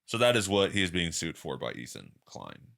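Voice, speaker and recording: Casual man with a bright voice. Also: wildly swooping pitch, brisk, creaky. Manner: loose, rambling, quotes people in exaggerated high voices. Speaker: podcast host. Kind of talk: casual solo commentary.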